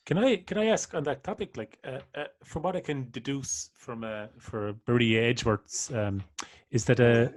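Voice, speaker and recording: A man interviewing a guest in a conversational podcast, halting and searching for words, often trailing off quietly. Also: mid-range voice.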